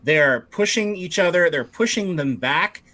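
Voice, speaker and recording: A man narrating as game master of a tabletop game, telling the scene in a lively, animated way. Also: on the high side, unhurried.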